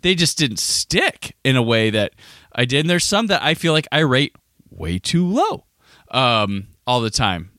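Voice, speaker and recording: A man hosting a casual podcast, with a bright voice whose pitch moves a lot. He rambles and restarts his sentences, and the sound is dry and close. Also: big pitch swings, a little slow, no room sound. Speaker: podcast host.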